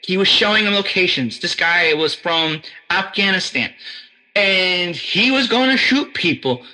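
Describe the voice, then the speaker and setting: A man's voice: high-pitched, expressive, a little slow, bright, forceful tone, low-quality recording. An American man in casual chat, rambling and profane, with frequent restarts and fillers. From United States.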